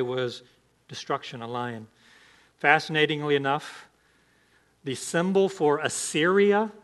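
A man's voice: a little high, fairly bright tone. A man pastor preaching an emphatic sermon, asking the congregation rhetorical questions.

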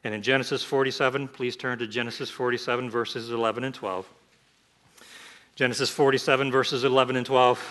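A man preaching a sermon with a bright, ringing voice. He is animated and leaps up in pitch and volume to act out the scripture. Then he drops back to plain teaching. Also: brisk. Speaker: pastor.

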